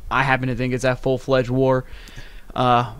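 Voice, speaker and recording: A man co-hosting a casual podcast, talking in deadpan sarcasm and pausing on many fillers. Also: medium pitch, clear, resonant tone, dry recording. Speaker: podcast co-host. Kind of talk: casual round-table chat.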